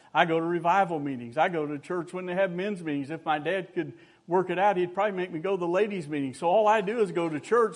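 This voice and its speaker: Older male preacher telling folksy stories. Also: a little high. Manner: folksy storytelling with humor and rising exhortation. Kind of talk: sermon.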